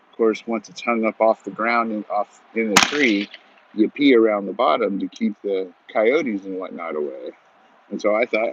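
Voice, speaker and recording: A man in his forties telling a story in a rambling, folksy way, outdoors at shooting practice, on muffled audio with loud gunfire. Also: on the low side, noisy background. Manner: rambling folksy, many "you know" and "he goes". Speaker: vlogger. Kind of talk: casual storytelling monologue.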